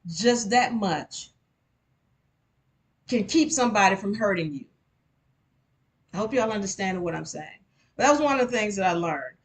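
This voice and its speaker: A woman tells a personal story to a live crowd through a microphone, in a middle-pitched voice. She speaks straight to her listeners, and her voice jumps higher and louder when she is heated. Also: normal speed, long pauses. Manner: animated, addresses the audience directly, voice rises sharply in anger. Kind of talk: storytelling talk to a live audience. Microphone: microphone at a live event.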